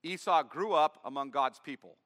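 A man's voice: fairly high pitch, normal speed, a bit bright, long reverb tail. A man preaching a sermon, reading scripture aloud and then explaining it in plain words. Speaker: pastor. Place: church.

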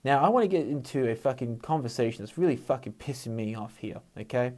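A man's voice: medium pitch, fast, a little mellow. Swearing man venting. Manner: heavy swearing, frank; worked-up, venting frustration. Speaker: podcast host. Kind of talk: casual solo monologue.

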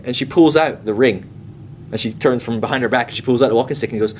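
A man's voice: medium pitch, fast talker, a little hiss or hum. Chatty man teaching a Bible class. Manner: chatty and irreverent, with comic asides and acted-out quotes.

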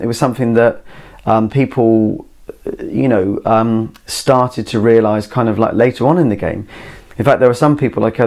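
A man's voice: on the low side, gravelly, a little mellow. A man recording himself in a garden shed, talking his way through ideas in a meandering, casual monologue full of "you know" and "like". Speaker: solo podcast host. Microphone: camera mic.

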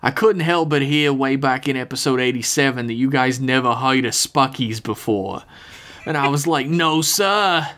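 Male host putting on a brash Boston fan, loud and jokey, mid-pitched voice. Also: moderate pace, natural voice. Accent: put-on Boston. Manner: jokey and boisterous, reading a letter aloud. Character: rowdy male listener, jokey local sports fan. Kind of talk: reading a listener email in a put-on voice.

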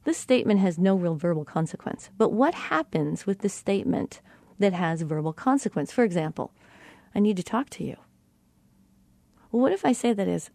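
Middle-aged woman explaining self-talk, warm mellow voice, dry close sound, slows down and stresses words on purpose. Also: medium pitch, lively intonation, creaky, no echo. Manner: deliberate, demonstrates tone by repeating phrases with shifting inflection. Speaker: speaker on self-talk and communication. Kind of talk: teaching monologue.

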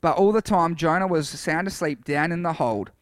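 A man's voice: fairly high pitch, normal speed, no echo, studio quality. Man reading scripture in a casual sermon. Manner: reads scripture aloud with dramatic shouts for quoted lines, chatty asides. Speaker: preacher.

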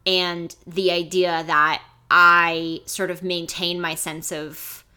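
A woman co-hosting a podcast with a bright, forward voice. She talks in casual, animated chat, joking and swearing freely. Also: fairly low pitch, takes it slowly, clean tone. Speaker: podcast co-host.

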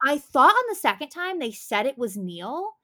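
A woman's voice: sits high, big pitch swings, moderate pace, pushed and bright. A young woman co-hosting a podcast, talking casually and rambling, with lots of "like" and swearing as she acts out quotes. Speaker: podcast co-host. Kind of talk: casual chat.

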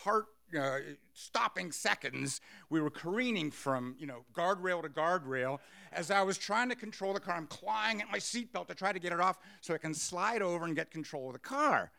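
A man telling a personal story on stage, animated, acting out what people said. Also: sits high, normal speed, gravelly, few pauses. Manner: animated, acts out quotes with laughs.

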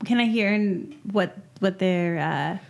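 A woman's voice: medium pitch, slow pace, vocal fry, a little mellow. A woman playing a tabletop game, polite and curious. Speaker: player. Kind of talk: casual tabletop play.

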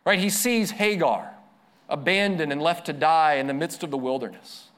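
A man preaching a sermon as a pastor, earnest, slowing down and dropping softer to stress his points. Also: a little high.

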